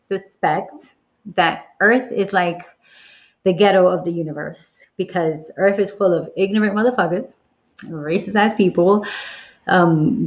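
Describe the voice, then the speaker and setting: Candid, animated woman on a lo-fi livestream. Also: lowish voice. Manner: candid, animated, swears freely. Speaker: livestream host. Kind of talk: casual livestream Q&A chat. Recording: dull lo-fi livestream audio.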